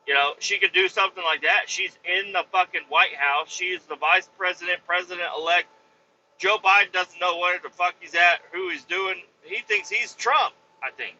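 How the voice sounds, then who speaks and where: A man's voice: sits high, lively intonation, moderate pace, bright, forceful tone, slight background noise. A man hosting a comedy podcast, rambling through a crude, profane monologue. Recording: slightly muffled lo-fi recording.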